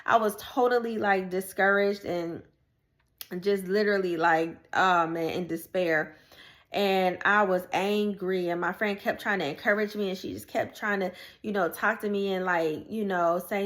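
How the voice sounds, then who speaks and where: A woman's voice: medium pitch, fairly even intonation, moderate pace. A woman in casual, conversational storytelling, sharing her personal faith testimony and addressing viewers directly, often repeating and restarting phrases.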